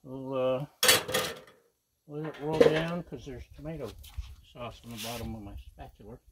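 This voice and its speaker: A man's voice: mid-range voice, fairly even intonation, normal speed, heavy background noise. A man hosting a casual cooking vlog outdoors at a griddle, chatty and jokey, teasing the viewer with repeated little asides. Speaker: cooking channel host. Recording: loud griddle sizzle behind voice.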